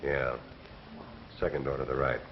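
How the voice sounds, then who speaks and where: An actor playing a curt, surly nightclub gambler in 1930s film acting, giving terse answers. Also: male voice, very deep voice, little pitch movement, moderate pace, slight background noise. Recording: dull, lo-fi old film soundtrack.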